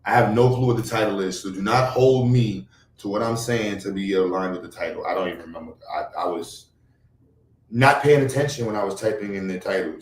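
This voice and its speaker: A man's voice: a little fast, distant mic, a little hiss or hum. Dude rambling on his stream, sits back from the mic, bouncy room sound. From Brooklyn, New York. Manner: rambling, swings from loud outbursts to low mutters. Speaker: livestream host. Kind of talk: casual livestream chat. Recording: echoey room, away from the mic.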